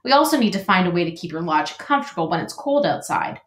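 A woman's voice: fairly low pitch, big pitch swings, fast talker. A woman voicing a friendly, talkative male beaver builder with a folksy manner, in an echoey room. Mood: chatty.

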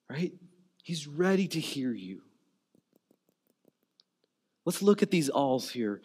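Conversational pastor with a raised voice. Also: male voice, fairly high pitch, very animated, takes it slowly, long pauses, a little mellow, husky. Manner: conversational, repeats words while searching for phrasing; informal, uses "you know" and "like" often. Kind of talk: sermon.

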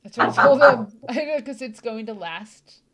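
A woman's voice: fairly high pitch, lively intonation, moderate pace, heavy background noise. A woman hosting a casual chat, bubbly and enthusiastic and laughing often between thoughts. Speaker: host.

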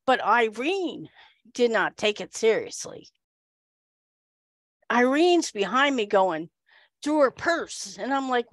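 A woman giving a humorous storytelling speech at a speaking club, animated and acting out the people in her story. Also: a little high, unhurried, no room sound.

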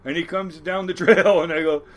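High-voiced, animated fishing captain. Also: male voice, normal speed. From Washington State, US. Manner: animated storyteller, swears freely, frequent restarts. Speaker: crab boat captain, guest. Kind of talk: casual interview storytelling.

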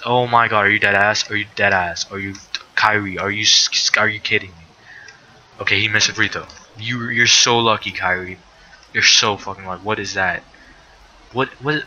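A man's voice: lowish voice, pushed and bright. A young man streaming live commentary on a simulated basketball game, swearing and breaking into exasperated outbursts. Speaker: sim league streamer. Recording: dull lo-fi mic with faint noise.

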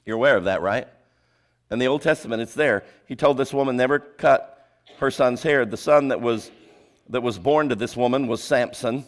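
A male preacher giving a sermon, asking the congregation rhetorical questions and dropping his voice low for emphasis. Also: a little fast. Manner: drops pitch and volume for emphasis.

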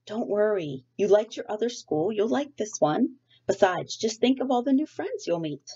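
A woman voicing a patient adult man gently coaxing someone, read aloud from a storybook. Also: medium pitch, big pitch swings, normal speed, slightly rough, highs cut off, voice pushed up. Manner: gently coaxing, then firm.

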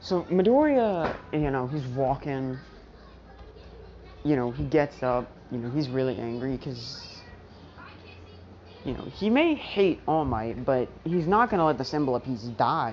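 A woman with a low voice tells a fan story at home, rambling casually and restarting often. The recording is dull and lo-fi, and a faint noise sits underneath. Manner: rambling, with many fillers and restarts.

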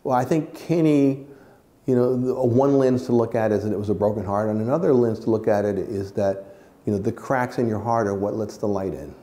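A man's voice: lowish voice, brisk, mellow. A man, a jazz musician, recalling memories in an earnest, reflective way during an interview. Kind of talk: storytelling interview.

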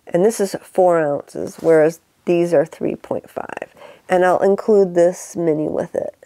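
Gravelly woman with an upstate New York accent. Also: lowish voice, steady tone, unhurried, mellow, no echo. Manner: chatty, laughs often, fillers and asides. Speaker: knitting podcast host. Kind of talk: casual show-and-tell chat.

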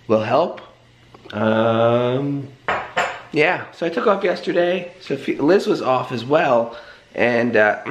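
A young man with a hoarse, sick voice, chatting casually in a morning home vlog and clearing his throat often. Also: mid-range voice, fairly bright tone. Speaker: vlogger.

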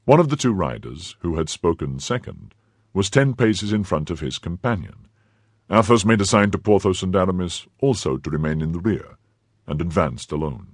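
A male audiobook narrator with a very deep, husky voice. His expressive reading rises and falls widely through each sentence. The sound is close and dry. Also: normal speed, dry recording. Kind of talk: scripted narration.

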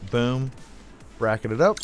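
A man's voice: medium pitch, animated, unhurried, soft background music. A young man hosting a gameplay video, telling rambling jokey stories into a desk mic while he plays, with little sound effects. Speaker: let's play host. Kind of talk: casual gameplay chat. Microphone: desk microphone.

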